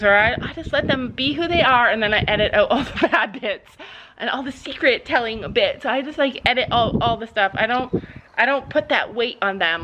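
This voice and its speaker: Her voice is on the high side, pushed and bright, captured in a low-quality recording with slight background noise. She's a middle-aged mother doing a casual vlog outside next to a horse by a road, meandering through her story with lots of fillers.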